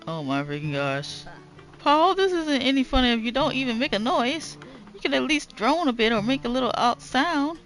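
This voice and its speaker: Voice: sits high, sing-song, normal speed, fairly bright tone, faint music behind, pitched above the performer's own voice, exaggerated voice. A gamer voicing a scolding old wife while reading game dialogue aloud, with an indignant, berating manner.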